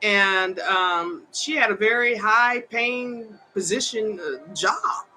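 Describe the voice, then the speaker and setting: A woman's voice: medium pitch, slow, sharp tone, faint music behind, low-quality recording. An older woman giving a heated, opinionated monologue, repeating herself for emphasis and laughing between points. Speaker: vlogger and advocate.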